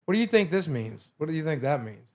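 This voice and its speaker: A man's voice: on the high side, very animated, fast talker, a little mellow. A man co-hosting a live stream, talking casually, emotional and profane, short on sleep. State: sleep-deprived. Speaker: streamer co-host.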